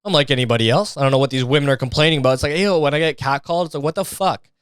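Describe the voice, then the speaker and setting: Smooth-voiced man, rambling podcast monologue. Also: on the high side, very fast, dry recording. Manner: rambling, profane, restarts and mimics others for laughs. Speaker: podcast host. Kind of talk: casual comedic monologue.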